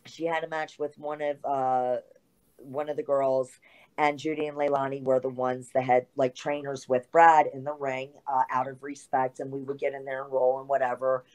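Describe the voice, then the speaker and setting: Low-voiced woman telling a story. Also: normal speed. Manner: animated storyteller, full of fillers and asides. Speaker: guest, retired pro wrestler. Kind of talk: storytelling in an interview.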